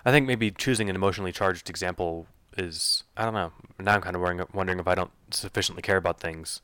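A man's voice: deep voice, quick pace, sharp tone, clear, resonant tone, no echo. A man co-hosting a podcast in casual discussion, thinking aloud in rambling, restarting sentences and reaching for analogies. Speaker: podcast co-host.

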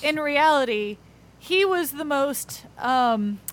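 A woman's voice: sits high, expressive, takes it slowly. A woman co-hosting a podcast, chiming in and correcting details in casual comedic chat.

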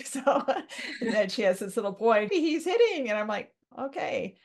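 A woman's voice: fairly high pitch, big pitch swings, brisk, a little mellow. A woman hosting a podcast, chatting casually and affirming her guest before asking her next question. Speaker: podcast host.

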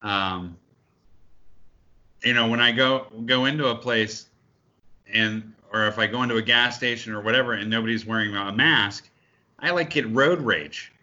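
A man's voice: fairly low pitch, normal speed, bright, forceful tone. A man co-hosting a podcast in casual chat, ranting heatedly and swearing often. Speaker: podcast co-host. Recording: dull lo-fi sound.

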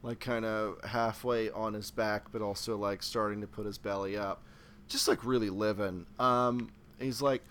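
A man's voice: on the low side, steady tone, normal speed, fairly bright tone, slight background noise. A man playing a tabletop role-play game, riffing playfully and laughing. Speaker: player.

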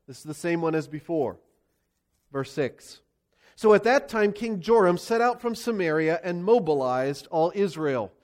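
A man's voice: a little high, animated, unhurried, a little mellow. A male pastor preaching a sermon with a Pennsylvania accent, telling the story expressively and asking the congregation rhetorical questions.

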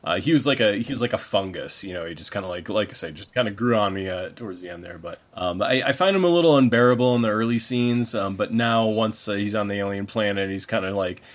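A man's voice: lowish voice, fast talker, few pauses. A man guesting on a casual movie podcast, easygoing and plainspoken.

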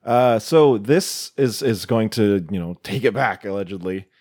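A man's voice: fairly low pitch, a little slow, darkish tone, breathy edge. A man co-hosting a horror podcast, bantering and joking while relaying news items with plenty of fillers. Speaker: podcast co-host. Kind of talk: casual chat.

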